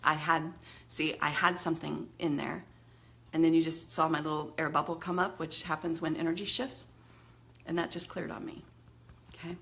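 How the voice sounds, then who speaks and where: A woman teaching an emotional tapping technique in a chatty, expressive way, laughing often and acting out venting as examples. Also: deep voice, normal speed, vocal fry. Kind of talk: instructional talk demonstrating tapping.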